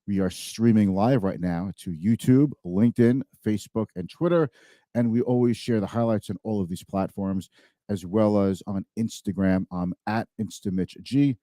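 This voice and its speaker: Low, mellow man hosting a finance show. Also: normal speed, dry recording, studio quality. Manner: conversational, emphatic, repeats words. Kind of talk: live-streamed finance talk.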